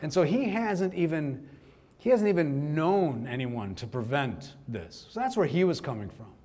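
A man in his forties from Kerala, India, giving a keynote speech to a conference audience, telling personal stories in a relaxed, conversational way with lots of asides. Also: on the high side, normal speed. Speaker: keynote speaker. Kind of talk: storytelling speech. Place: conference hall before an audience.

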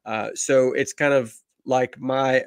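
A man's voice: medium pitch, steady tone, slow pace, clear, resonant tone, no echo, studio quality. East Tennessee man, self-deprecating comedian. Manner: self-deprecating, rambling with fillers. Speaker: guest comedian. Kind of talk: casual interview chat.

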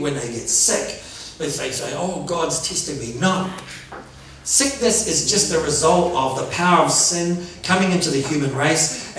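A high-voiced man preaches in a lively, playful way, laughing at his own jokes and pressing his listeners for amens. His voice comes from some way off the mic in a very echoey church hall. The congregation answers him now and then. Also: distant mic, a little hiss or hum. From New Zealand. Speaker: pastor. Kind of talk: sermon.

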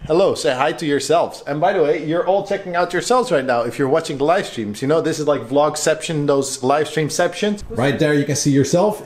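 A young man chatting quickly and laughing as he films a family vlog at home. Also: fairly high pitch. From Netherlands. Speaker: vlogger. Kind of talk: casual family vlog chat. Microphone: camera-mounted mic.

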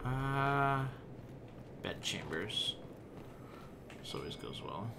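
A man's voice: lowish voice, very animated, drawn-out words, creaky, background noise. A young adult man streaming a game live, chatting casually, swearing freely and reading in-game notes aloud.

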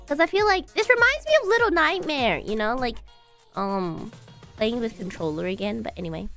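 A woman streaming a game live, playful and excitable, gasping, meowing and talking in cutesy broken grammar. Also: a little high, fairly quick, soft background music.

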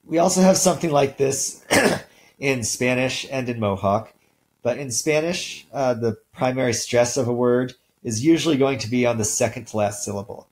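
Man giving a relaxed recorded lecture. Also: mid-range voice, normal speed, low-quality recording. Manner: relaxed, many ums and uhs, clears throat. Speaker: linguistics instructor.

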